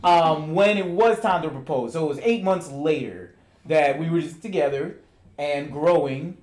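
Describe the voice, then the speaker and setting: A man in his thirties telling a personal story in a casual chat, animated and laughing, with stammering restarts. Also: a little high, normal speed. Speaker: married guest. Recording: echoey room.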